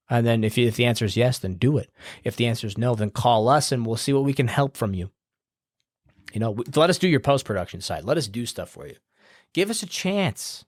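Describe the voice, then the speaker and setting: A man's voice: mid-range voice, fairly quick, dry recording. A male podcast host delivers a loose, profane pep talk, blunt and rambling. When he gets worked up, a slight New Jersey edge creeps into his voice. The sound is close and dry, with no room in it. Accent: slight New Jersey edge when heated. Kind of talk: casual podcast rant.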